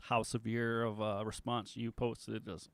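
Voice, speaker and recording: A man appearing as a guest on a podcast, dropping wry, deadpan jabs in casual chat. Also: on the low side, normal speed, no room sound.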